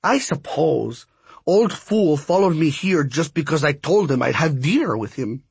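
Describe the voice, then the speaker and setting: Man putting on a cranky old woman, grumbling, curt, husky, dry audiobook read. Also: sits high, wildly swooping pitch, slow pace, no echo, voice pushed up, full character voice.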